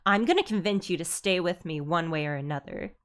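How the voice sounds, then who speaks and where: A woman voicing a cocky, seductive female dark figure who teases and taunts. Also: on the low side, brisk, clear, resonant tone, lightly acted. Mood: taunting. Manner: teasing, taunting.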